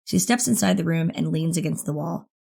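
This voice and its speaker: Low-voiced woman narrating an audiobook. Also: fairly quick, gravelly, mellow. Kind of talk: first-person thriller audiobook narration.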